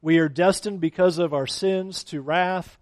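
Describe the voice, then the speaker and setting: Male pastor, sermon, very high voice, dry close sound, acts out quotes. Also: a little slow, no echo. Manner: preaching with acted-out quotes of complaining people.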